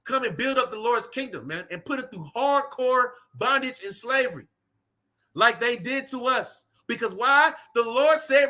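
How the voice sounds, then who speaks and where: Outdoors in cold weather, a man preaches on the street with fervor, reading scripture in an impassioned, repetitive sermon peppered with "man" and "right". He has a very high, sharp voice with lively intonation and an unhurried pace.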